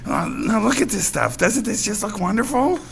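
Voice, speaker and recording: Man playing a creepy preacher-chef, very gravelly, bright, rambling cooking patter. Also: high-pitched, animated, normal speed, a little hiss or hum, full character voice, poor audio. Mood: gleeful.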